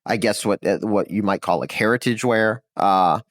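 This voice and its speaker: A man who is a comedy writer appears as a podcast guest in a casual chat, rambling with many fillers and restarts. His voice is on the low side at a normal speed, in a dry recording.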